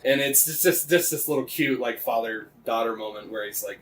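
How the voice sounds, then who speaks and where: A man's voice: mid-range voice, fairly quick, fairly bright tone, far from the mic, slight background noise, poor audio. A man co-hosting a podcast, retelling a game story in casual chat, rambling with lots of fillers and frequent swearing. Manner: rambling, swears often, many fillers and restarts. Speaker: podcast co-host.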